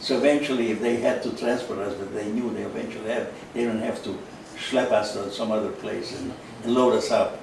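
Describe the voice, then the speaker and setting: An elderly Holocaust survivor in his 90s, originally from Carpatho-Ruthenia in Eastern Europe, gives personal testimony as an interview guest. He speaks slowly and haltingly, with fillers and repeated words, in a lowish, steady, gravelly voice with a creaky edge. The mic sits at a distance in a strongly echoing room, and a faint hiss runs underneath.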